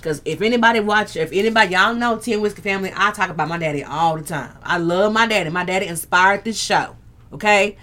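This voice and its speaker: Fast-talking, with a medium-pitched voice that sounds pushed and bright, a woman hosts a relaxed live stream. She addresses viewers directly in a frank, earthy way and curses freely.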